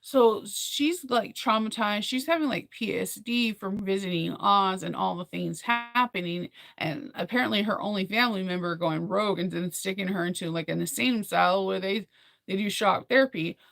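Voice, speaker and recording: A young woman in casual chat, rambling and animated as she recaps a film, full of fillers and laughs. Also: mid-range voice, moderate pace, vocal fry, dry recording, studio quality. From United States.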